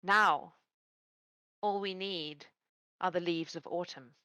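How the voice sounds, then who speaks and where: A woman's voice: lowish voice, fairly even intonation, sharp tone, smooth, dry recording. Titania, a woman playing a regal fey queen. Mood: ceremonial. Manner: measured, formal, cutting. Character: regal fey queen of summer, commanding and cool.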